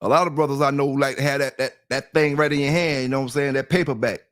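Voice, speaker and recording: In a dry, studio-quality recording, a middle-aged man hosting a livestream talks fast in a medium-pitched, fairly bright voice with fairly even intonation. His casual chat rambles and repeats as he addresses his listeners directly.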